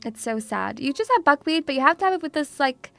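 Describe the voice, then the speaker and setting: High-voiced, teasing woman streamer. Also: expressive, fast, creaky, a bit bright, soft background music. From Russia. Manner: teasing, playful, calls viewers sweetie. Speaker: VTuber streamer. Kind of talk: casual chat.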